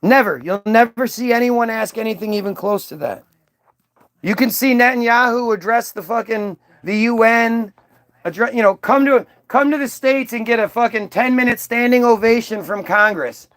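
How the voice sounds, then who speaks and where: A man's voice: extremely high pitch, normal speed, a bit bright. A man delivering a combative, profane, rambling monologue to his stream audience, often restarting his sentences. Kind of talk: ranting monologue.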